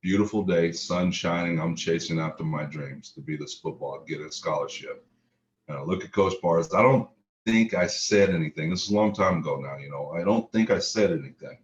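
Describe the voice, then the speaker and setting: Middle-aged man from Chicago, very low voice, emotional storyteller, slightly muffled recording. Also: normal speed, a little hiss or hum. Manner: vivid present-tense storytelling, emotional. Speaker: motivational speaker. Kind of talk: personal storytelling talk.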